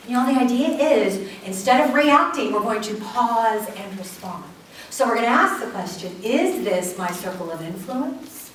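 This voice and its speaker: A keynote speaker, a woman with a voice on the high side, gives a humorous motivational talk to a live audience in a large hall. She tells stories animatedly, laughing often and acting out quotes. The recording is echoey, with a distant mic and audience noise.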